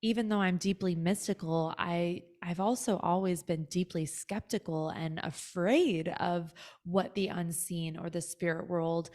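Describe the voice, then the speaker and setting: A woman's voice: lowish voice, fairly even intonation, measured pace, hardly any pauses, a little mellow. A woman speaking as a podcast guest, a spiritual guide, talking in an earnest, reflective way and saying "like" often. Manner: earnest and reflective, fills talk with "like". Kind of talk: casual chat.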